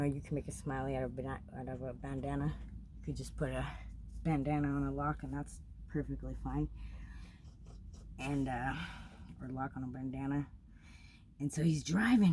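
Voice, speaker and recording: Young woman, low husky voice, swears constantly, blunt casual vlog storytelling. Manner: profane, blunt, animated when reliving events. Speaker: traveler telling a story.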